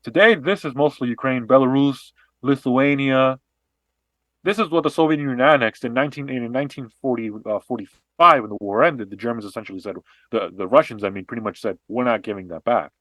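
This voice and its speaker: A man co-hosting a podcast, explaining history and politics in an animated, casual way with frequent restarts and fillers. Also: medium pitch, a little fast, no room sound. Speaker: podcast co-host.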